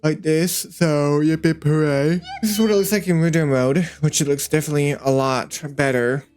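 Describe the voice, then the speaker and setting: A man's voice: on the high side, a little fast, faint music behind. A man casually narrating his 3D work session, thinking aloud in a rambling, playful way with lots of fillers. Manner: easily excited, playful. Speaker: 3D animator and creator.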